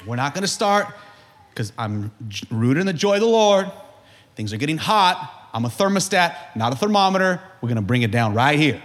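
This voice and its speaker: Man, pastor, sermon, high voice, very animated pitch, shouting peaks, humorous call-and-response. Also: normal speed.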